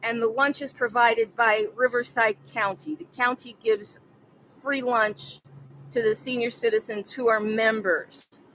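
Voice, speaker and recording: Older woman, bright voice, earnest rambling story, repeats herself when flustered. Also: a little high, fairly even intonation, unhurried, slight background noise, low-quality recording. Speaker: vlogger. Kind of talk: personal storytelling to camera.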